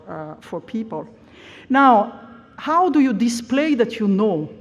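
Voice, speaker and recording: A woman giving an academic conference lecture, explaining at length with frequent "uh" hesitations. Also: mid-range voice. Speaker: plenary lecturer. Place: lecture hall. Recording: long reverb of a large hall.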